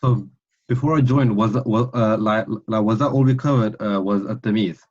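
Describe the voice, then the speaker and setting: Hesitant low-voiced male student. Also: normal speed, darkish tone. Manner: hesitant, many fillers and restarts. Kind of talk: casual chat. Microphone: video call. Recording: dull lo-fi call audio.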